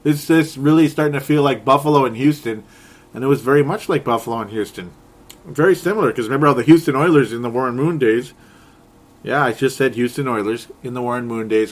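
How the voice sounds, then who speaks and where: Sarcastic, animated man recapping football. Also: mid-range voice. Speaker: podcast host. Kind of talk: casual sports talk.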